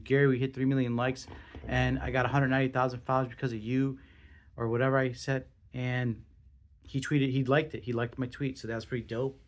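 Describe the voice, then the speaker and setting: A young man hosting his own podcast, talking casually in an excitable, rambling way with lots of swearing and restarts. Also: medium pitch. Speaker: podcast host. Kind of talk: casual solo podcast monologue.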